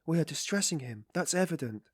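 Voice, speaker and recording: A man voicing an earnest young woman, a firm but gentle sister, in a raised, restrained voice. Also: a little high, animated, brisk, breathy edge, dry recording, clean studio sound, voice pushed up. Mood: earnest concern.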